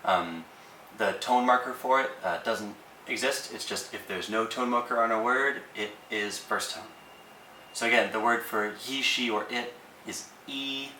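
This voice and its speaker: Relaxed man explaining language tones. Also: on the low side, moderate pace, reverberant, far from the mic, slight background noise, rough recording. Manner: relaxed, with frequent ums and uhs. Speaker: language teacher. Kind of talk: casual explanatory lesson.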